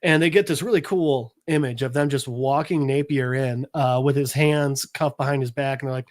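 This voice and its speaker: A man on a podcast recapping a comic book in casual chat, acting out the characters' lines in quick quotes, with lots of fillers and restarts. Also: medium pitch, fairly even intonation, dry recording, clean studio sound. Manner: retells scenes by voicing characters in quick quotes; loose, filler-heavy talk with restarts. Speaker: podcast co-host.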